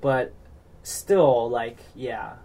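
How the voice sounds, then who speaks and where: A man's voice: mid-range voice, drawn-out words, gravelly, warm tone. A man from the United States chatting casually, rambling with lots of fillers and restarts and getting worked up as he recaps a reality show.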